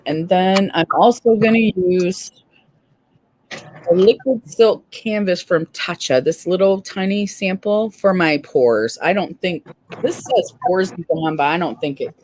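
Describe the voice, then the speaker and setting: A woman's voice: lowish voice, lively intonation, unhurried, a little mellow, a little hiss or hum. A fifty-year-old woman chatting casually and rambling as she does her makeup on camera. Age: 50s. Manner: rambling, chatty, laughs often. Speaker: makeup vlogger. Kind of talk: casual chat while doing makeup.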